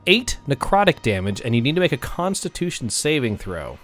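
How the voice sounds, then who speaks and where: A man's voice: medium pitch, sing-song, a little fast, fairly bright tone, a little hiss or hum. A man narrating as game master in a casual tabletop game, often correcting himself as he goes. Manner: casual, rolls dice aloud, self-correcting.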